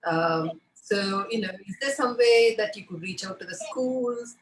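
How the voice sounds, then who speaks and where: A woman's voice: medium pitch, a little slow, a crowd in the background. A woman interviewer asks questions over a video call, hedging often with "you know" and "um". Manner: hesitant, full of "you know" and "um". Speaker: interviewer, online art class founder. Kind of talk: interview conversation. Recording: echoey room with faint noise.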